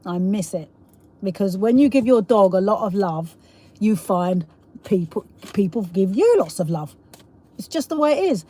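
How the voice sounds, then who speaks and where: A middle-aged woman with a South East London accent chats casually on her live stream. She rambles from one thought to the next, laughs often and reads viewers' comments aloud. Her voice sits at an ordinary pitch for a woman. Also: animated, moderate pace, dark tone, breathy edge. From England. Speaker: livestream host.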